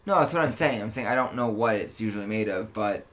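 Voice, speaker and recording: A man reads a novel aloud for a podcast in a steady, even voice. Between passages he chats with his co-host, his remarks coming out quickly and offhand. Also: on the low side. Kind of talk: reading a novel aloud, then casual chat.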